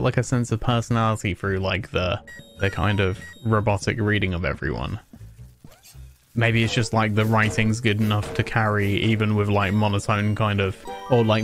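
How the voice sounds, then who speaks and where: A man streaming a video game, chatting casually in a rambling, self-mocking way with frequent chuckles. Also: lowish voice. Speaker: gaming streamer. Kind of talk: casual let's-play commentary.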